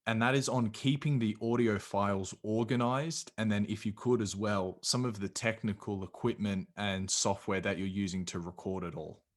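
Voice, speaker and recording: An Australian man hosts a casual podcast interview. His voice is very low. He sounds relaxed and eager. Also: moderate pace, hardly any pauses. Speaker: podcast host.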